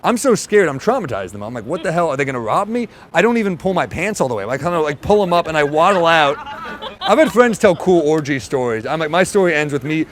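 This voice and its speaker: A man's voice: on the high side, big pitch swings. A man doing stand-up, telling a story on stage and acting out the voices of the people in it. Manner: quick asides, acts out quoted voices. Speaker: stand-up comedian. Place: stage before a live audience. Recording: live show with crowd noise.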